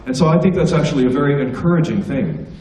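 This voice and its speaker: A man's voice: on the high side, animated, fast talker, mellow, echoey room, recorded from a distance, low-quality recording. An American man, a stand-up comedian, giving a casual, joking talk to students at a school assembly. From United States. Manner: joking, anecdotal, conversational. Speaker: guest speaker, stand-up comedian. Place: school hall.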